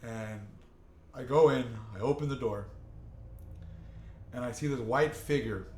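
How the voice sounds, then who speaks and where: A man's voice: medium pitch, a little slow, a little mellow, a little hiss or hum. Rambling young man telling a story. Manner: rambling, profane, self-interrupting. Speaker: podcast host. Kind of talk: casual storytelling among friends. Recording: echoey room, faint ambience.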